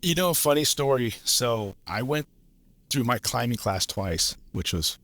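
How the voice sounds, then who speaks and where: A man's voice: mid-range voice, expressive, unhurried, fairly bright tone. A man, a lineman guest from Los Angeles, telling stories in a laid-back way, swearing freely and laughing as he goes. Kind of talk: casual storytelling.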